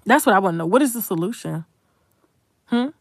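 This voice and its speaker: A woman's voice: mid-range voice, lively intonation, fairly quick, dry recording. A young adult woman content creator giving a blunt, profane, emphatic commentary rant.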